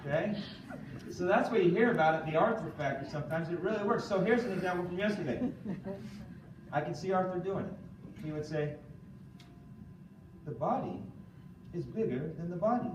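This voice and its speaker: A man with a somewhat high voice leads an animated training talk, firing questions at his audience and checking in with "okay?". He sounds far from the microphone, with roomy echo and clear background noise. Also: a little fast. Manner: animated, quizzes the audience, keeps asking "okay?". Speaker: seminar speaker. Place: room with a live audience. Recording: echoey room from far off.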